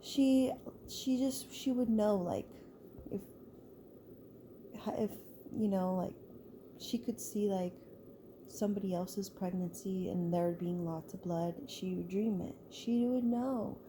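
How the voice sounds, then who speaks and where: A woman's voice: medium pitch, takes it slowly, background noise. A woman telling a story in a loose, chatty way, full of "like" and restarts. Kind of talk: casual spoken storytelling.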